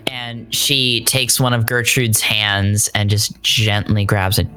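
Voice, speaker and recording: A woman narrating her character's actions in a tabletop game, halting with fillers. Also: extremely low pitch, steady tone, pushed and bright, soft background music. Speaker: player.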